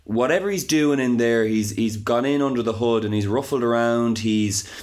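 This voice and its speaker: A man with an Irish accent co-hosting a comic sports podcast, rambling with many halting restarts. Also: mid-range voice, a little mellow. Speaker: podcast co-host.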